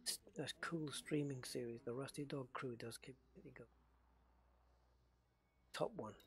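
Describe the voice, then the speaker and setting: A man's voice: medium pitch, measured pace, creaky. A man chatting casually while streaming a space game, greeting viewers by name and thinking aloud. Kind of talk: casual live-stream chat.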